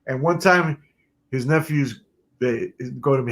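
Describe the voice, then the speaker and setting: A man, a guest musician telling stories in an interview, animated and quick to laugh. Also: medium pitch. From New York City. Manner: animated storyteller who laughs often. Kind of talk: storytelling in an interview.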